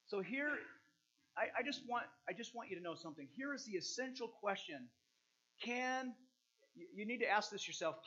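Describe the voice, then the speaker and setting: Male pastor, high-pitched, earnest sermon delivery, slow over scripture, muffled recording. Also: animated, bright, forceful tone. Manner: earnest, reads scripture slowly then preaches with restarts and fillers.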